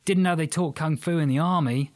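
A man's voice: high-pitched, expressive, moderate pace, voice pushed up. A man voicing a slight, wiry young male ship's crewman with an Australian accent, chatty and apologetic. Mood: petulant. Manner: chatty, apologetic, a bit petulant.

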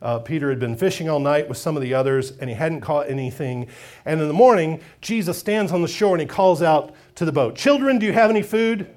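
A man's voice: fairly high pitch, fairly quick. A man preaching a sermon as pastor, retelling a story expressively and acting out its voices. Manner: expressive storytelling, acts out quotes.

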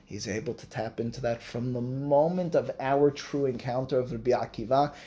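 A man leads a Torah class in an animated lecturing manner. He leans on emphasis and rhetorical questions as he explains texts to his students. His voice sits at an ordinary middle pitch for a man. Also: normal speed. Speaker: Torah teacher.

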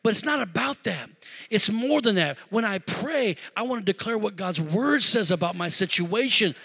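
A man preaching a sermon through a personal story, animated, shouting at the high points and dropping low for asides, in a large hall. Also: moderate pace, gravelly, breathy edge. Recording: echoey hall reverb.

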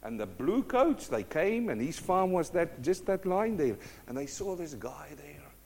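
A middle-aged man preaching a sermon, telling stories with lively acted-out voices. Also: fairly high pitch, measured pace, vocal fry, slight background noise. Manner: animated storytelling, acts out quoted voices.

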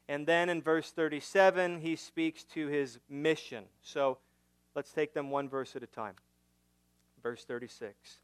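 A male pastor preaching a sermon, teaching through a passage with rhetorical questions, swinging from emphatic to hushed. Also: on the high side, smooth, no room sound.

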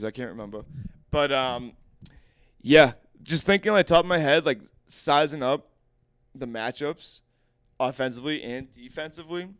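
A man's voice: mid-range voice, smooth, dry recording, clean studio sound. A young man hosting a podcast, chatting casually about basketball in a rambling, profane way. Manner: rambling, profane, laughs often. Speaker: podcast host. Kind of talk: casual sports chat.

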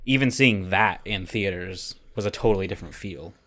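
A man with a fairly low voice, talking loosely and at length with friends on a podcast. He rambles in a relaxed way and swears casually. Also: normal speed. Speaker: podcast co-host. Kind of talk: casual chat.

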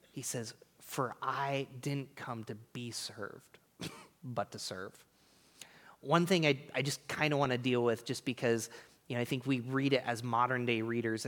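A man in his thirties preaching a sermon in a church, chatting casually and swinging between loud emphasis and hushed, near-whispered lines. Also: mid-range voice. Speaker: pastor. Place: church sanctuary.

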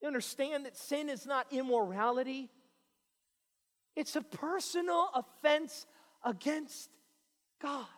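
A man preaching a sermon, pleading with his listeners and swinging between hushed lines and shouted ones. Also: very high-pitched, slow pace, long pauses, long reverb tail.

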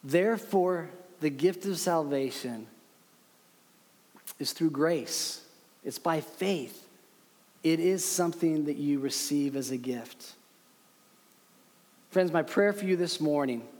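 A man preaching a sermon as pastor, earnest and emphatic with slow dramatic pauses. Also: on the high side, expressive, darkish tone. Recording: long hall reverb.

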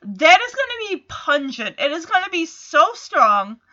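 A woman's voice: very high voice, big pitch swings, unhurried, sharp tone, muffled recording. A woman chatting through a casual episode recap, with amused asides.

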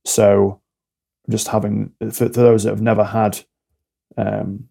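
A man's voice: lowish voice, little pitch movement, slow, gravelly, dark tone, slightly rough. A man talking candidly as a podcast guest, often acting out little back-and-forth dialogues to explain a point. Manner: explains with acted-out mini dialogues. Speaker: podcast guest, alcohol-free coach.

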